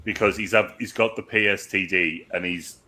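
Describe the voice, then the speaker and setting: A man with a low but bright, forceful voice co-hosting a movie review podcast. He jumps in eagerly with quick, casual remarks. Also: fairly even intonation. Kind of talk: casual chat.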